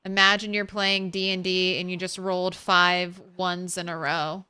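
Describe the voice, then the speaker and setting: A woman's voice: lowish voice, fairly even intonation, moderate pace, sharp tone, smooth. A woman streamer chatting casually while she plays, thinking aloud and laughing easily. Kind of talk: casual gameplay commentary.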